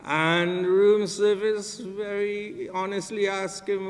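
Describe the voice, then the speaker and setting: A man's voice: high-pitched, slow pace, hardly any pauses. An older man with a Trinidadian accent, speaking at a memorial service, telling jovial stories and laughing along with the room. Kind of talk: anecdotal eulogy with jokes. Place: funeral home service hall. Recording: long reverb in a hall.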